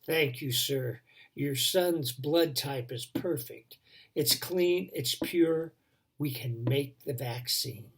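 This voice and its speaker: A man doing a grave old doctor, hushed and gravelly. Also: medium pitch, slow, heavily acted. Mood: relieved.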